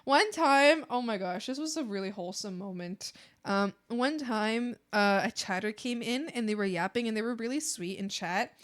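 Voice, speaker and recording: A woman's voice: on the high side, normal speed. A young adult woman streamer chatting casually with her viewers, rambling with many fillers and frequent giggles. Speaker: art streamer.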